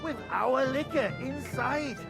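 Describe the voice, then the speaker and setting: A brash Scottish drinker. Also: male voice, extremely high pitch, slow, loud music behind the voice, heavily acted. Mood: blunt. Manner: gruff, blunt and swearing. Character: rowdy hard-drinking Moravian man, brash. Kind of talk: video game voice acting.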